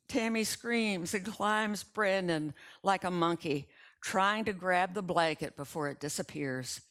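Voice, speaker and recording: A woman reading a story aloud in an unhurried storytelling manner, slipping into small voices for the characters. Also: lowish voice, a bit bright. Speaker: resident reader. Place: retirement community.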